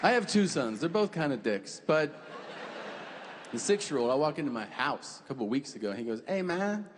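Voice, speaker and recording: A man doing stand-up on a theater stage, his voice swinging up and down with deadpan, profane storytelling. The handheld mic catches a long hall reverb and a faint hum of room ambience. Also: mid-range voice, fairly quick, crowd noise. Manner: animated, profane, deadpan delivery. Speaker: stand-up comedian.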